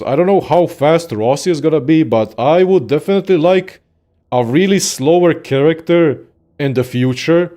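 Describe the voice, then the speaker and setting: A young man casually ranting about games in a profane, excitable, rambling way as a content creator. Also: on the high side. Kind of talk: casual gaming rant.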